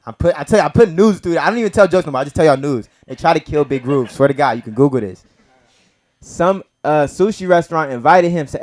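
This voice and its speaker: A man doing a stand-up set on a comedy club stage, loose and slangy. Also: fast talker. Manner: loose, slangy, low-key then excited.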